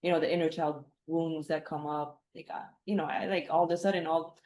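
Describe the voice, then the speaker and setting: A woman's voice: deep voice, fairly even intonation, a little fast, darkish tone. A middle-aged woman, a guest speaking reflectively and rambling, with many fillers and restarts. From Philippines. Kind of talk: reflective casual conversation.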